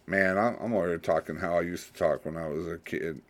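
A man hosting a casual podcast on his own, rambling, then jumping into loud playful slang voices. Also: low-pitched, steady tone, a little fast, few pauses. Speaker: podcast host.

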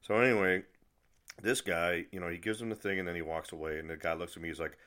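A man's voice: low-pitched, steady tone, quick pace, fairly bright tone. A man telling a story in a casual, rambling rant, exasperated, with frequent restarts and mild swearing. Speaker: vlogger.

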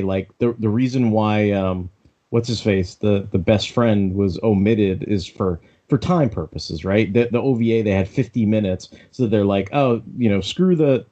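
A man's voice: lowish voice, mellow. A man co-hosting a podcast in casual chat, rambling with many stammered restarts. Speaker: podcast co-host. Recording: dull lo-fi sound.

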